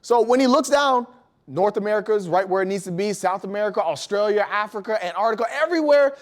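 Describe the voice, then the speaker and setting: A man with a high voice gives a motivational talk to school staff, speaking energetically before an audience in a large room. He tells stories and keeps asking the listeners questions. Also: animated, quick pace.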